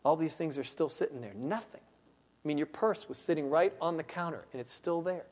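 A man preaching a sermon as pastor, dropping to hushed low asides and then building to loud, slow, rising exclamations. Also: big-room sound. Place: church sanctuary.

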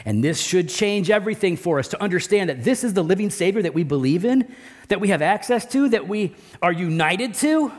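A man preaching a sermon, emphatic and repetitive, often dropping his voice low and slow to stress a point. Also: expressive. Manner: emphatic, repeats key phrases, drops low and slow for stress. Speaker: pastor.

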